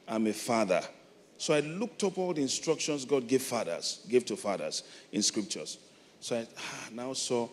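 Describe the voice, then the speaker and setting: A middle-aged Nigerian man preaching a sermon, moving from soft, reflective storytelling to loud, emphatic calls. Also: mid-range voice. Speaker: pastor. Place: large church hall. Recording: long hall reverb, faint noise.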